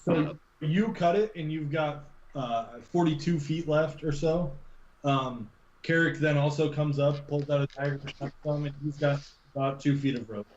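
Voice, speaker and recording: A man's voice: fairly high pitch, darkish tone, muffled recording. Man game-mastering with an echoey mic. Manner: halting, with many ums and restarts. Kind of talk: narrating a tabletop game.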